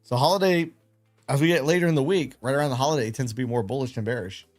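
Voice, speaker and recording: Speaking very fast in a mid-range, darkish voice, a man hosts a late-night trading livestream with faint music in the background. His talk is casual and rambling, full of self-deprecation.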